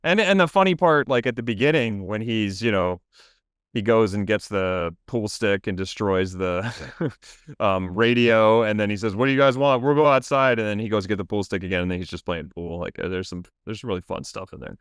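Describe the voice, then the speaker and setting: A man's voice: on the low side, normal speed, clean tone, dry recording, clean studio sound. A man co-hosting a podcast, chatting about movies in a laid-back, agreeable way. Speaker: podcast co-host. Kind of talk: casual movie chat.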